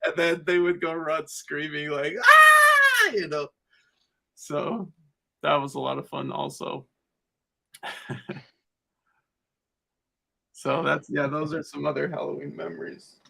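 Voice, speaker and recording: A man's voice: a little high, little pitch movement, slow, creaky, pauses often, pushed and bright. A man guesting on a podcast, telling stories in a rambling, casual way and laughing often between phrases. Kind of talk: casual chat.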